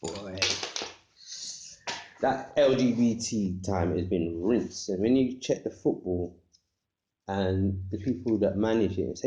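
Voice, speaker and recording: Guy rambling on about bible verses, dark voice, roomy dull recording. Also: low-pitched, slow, pauses often. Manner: meandering, quotes scripture, street slang. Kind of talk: rambling religious monologue. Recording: echoey room, dull lo-fi sound.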